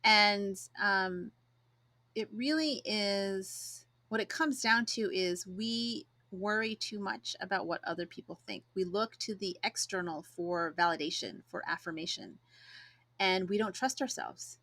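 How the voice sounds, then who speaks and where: Bright-voiced woman podcast host. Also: mid-range voice, animated, a little slow. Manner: casual and reflective, acts out quoted voices. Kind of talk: solo podcast talk.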